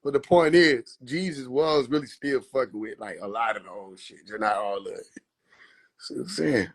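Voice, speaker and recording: A man talking casually on a phone livestream, animated and profane, laughing often and slipping into mock biblical voices. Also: medium pitch, moderate pace, husky. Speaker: livestream host.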